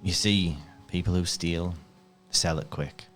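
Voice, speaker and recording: A man playing a tabletop role-playing game, speaking deliberately in character. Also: deep voice, fairly even intonation, a bit bright, soft background music. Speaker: player.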